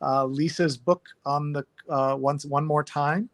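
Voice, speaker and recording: A man's voice: on the high side, steady tone, measured pace. A man hosting a live online readalong, chatting casually and skimming headlines aloud over a video call. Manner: conversational, skims headlines aloud with fillers. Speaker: host.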